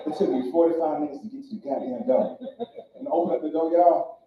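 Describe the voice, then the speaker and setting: A man's voice: on the high side, fast. A man from Louisiana doing a loose, profane stand-up set, telling a story and throwing questions at the crowd. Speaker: stand-up comedian. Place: comedy club stage. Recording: echoey club from far off, dull sound.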